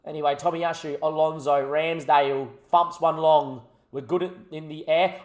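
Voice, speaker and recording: A young man giving animated live commentary on a football management game as a gaming YouTuber, talking at the players on screen. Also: on the high side, normal speed.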